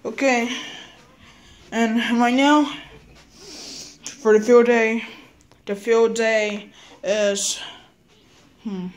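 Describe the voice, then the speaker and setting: Halting, slow-talking woman in toy play. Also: on the high side, little pitch movement. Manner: halting, repeats words and restarts often. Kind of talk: toy role-play as a teacher.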